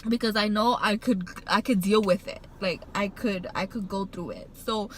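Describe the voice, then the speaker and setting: A woman speaks to camera about something personal, circling back and restarting her sentences with a steady stream of fillers. Her voice sits at an ordinary middle pitch and carries real emotion, at times close to tears. A faint background hiss runs under the recording. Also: moderate pace, poor audio. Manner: rambling, heartfelt, many "like" fillers and restarts; emotional, getting choked up while recounting. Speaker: vlogger.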